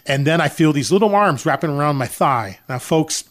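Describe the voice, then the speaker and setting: A man's voice: on the high side, expressive, fairly quick. An older man, a charity organizer, telling an emotional personal story to listeners, with many "uh" fillers. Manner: addresses listeners as folks, frequent uh fillers.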